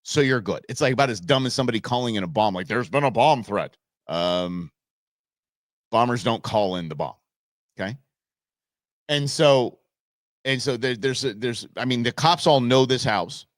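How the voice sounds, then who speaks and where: He speaks at a moderate pace with frequent pauses, his medium-pitched voice recorded in studio quality with no room sound. On his live show, the man from Southern California and Arizona rambles animatedly through a neighborhood story full of folksy turns of phrase.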